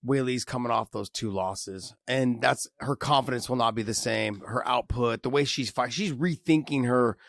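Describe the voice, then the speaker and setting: A man's voice: medium pitch, moderate pace, gravelly, hardly any pauses. Man riffing casually over a video call. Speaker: podcast co-host. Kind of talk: casual sports chat.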